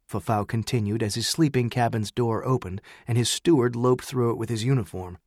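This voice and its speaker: A man reading scripted narration in a measured, even storytelling manner. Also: medium pitch, no echo, studio quality. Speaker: audiobook narrator.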